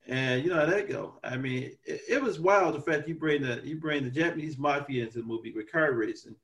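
A man co-hosting a casual podcast, talking movies in an animated way and laughing often. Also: a little high, a little fast, distant mic. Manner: animated, laughs often, quotes characters in put-on voices. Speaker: podcast co-host.

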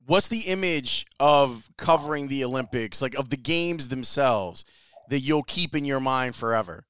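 A man's voice: mid-range voice, animated, normal speed, fairly bright tone, clear, resonant tone, no echo, clean studio sound. A man interviewing a guest, asking direct, conversational questions.

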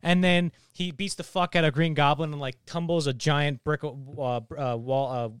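A man's voice: fairly high pitch, fairly even intonation, normal speed, smooth, no room sound, studio quality. A young man co-hosting a casual podcast, recounting a favorite movie scene in an enthusiastic, rambling way with many fillers. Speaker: podcast co-host. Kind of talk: casual chat.

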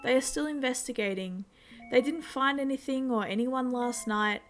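A woman voicing a calm, slightly dismissive young female student reading out her text messages, with soft music faint behind. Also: high-pitched, moderate pace, close to an everyday voice. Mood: cool.

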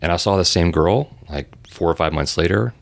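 A man with an extremely deep voice and a gravelly edge talks in a relaxed podcast chat. He rambles through his story with plenty of fillers and restarts. The sound is dry and close, with no room around it. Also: brisk, no echo. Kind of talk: casual podcast conversation.

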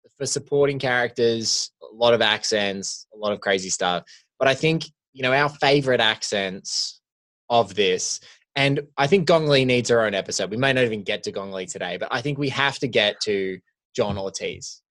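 A man co-hosting a chatty film podcast, his voice sitting at an ordinary middle pitch. He rambles in long, animated runs, piling up "like" as he builds his point. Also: normal speed. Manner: rambling, animated, heavy use of "like". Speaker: podcast co-host. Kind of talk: casual film podcast chat.

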